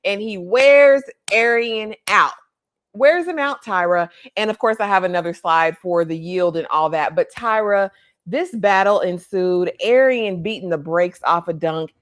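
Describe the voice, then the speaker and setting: A woman's voice: medium pitch, animated, a little slow. A woman hosting a casual TV recap chat, playful and slangy, quoting the characters as she retells scenes. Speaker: podcast host.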